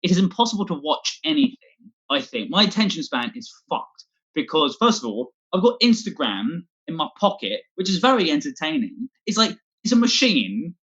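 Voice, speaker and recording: A man's voice: a little high, very animated, moderate pace, a bit bright, husky, muffled recording. A man doing a scattered, self-deprecating stand-up set from home, swearing a lot as he talks. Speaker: stand-up comedian. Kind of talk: rambling online stand-up set.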